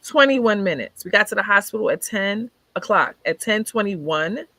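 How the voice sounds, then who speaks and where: A woman recounts a personal ordeal over a video call, her pitch sitting in a middle range. She brings the scene to life by voicing the people in it. The sound is dry and close. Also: lively intonation, normal speed, bright, forceful tone, dry recording. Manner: vivid retelling, acting out what others said. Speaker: guest sharing her life story. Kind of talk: personal storytelling in a conversation.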